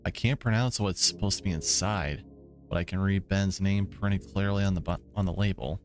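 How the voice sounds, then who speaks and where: A man's voice: sits low, moderate pace, faint music behind. A man streaming a visual novel, reading the story aloud with laid-back commentary, swearing asides and chuckles. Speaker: let's play streamer.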